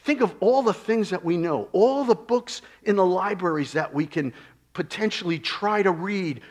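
A man delivers a sermon in a fairly high voice. He moves from loud, excited exclamations to hushed, near-whispered lines. He keeps it conversational, throwing rhetorical questions straight at his listeners. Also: moderate pace. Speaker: preacher.

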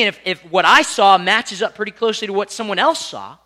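A young man preaching a sermon, telling stories with lots of asides and animated delivery. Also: high-pitched, a little fast. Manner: animated storytelling with asides and laughs.

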